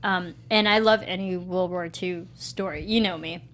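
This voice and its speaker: A woman co-hosting a casual movie review podcast, bubbly and animated. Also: fairly low pitch, slight background noise. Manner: bubbly, animated, quick to laugh. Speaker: podcast co-host.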